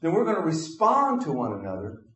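A man's voice: a little high, huge pitch swings, fairly quick, fairly bright tone, roomy sound. A man preaching a sermon as pastor, acting out imagined conversations with his congregation. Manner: acts out imagined dialogues with congregation.

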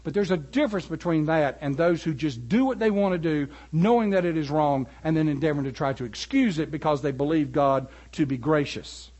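High-voiced animated preacher man. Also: a little fast, hardly any pauses, lo-fi sound. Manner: animated, rises to emphatic peaks. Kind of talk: sermon.

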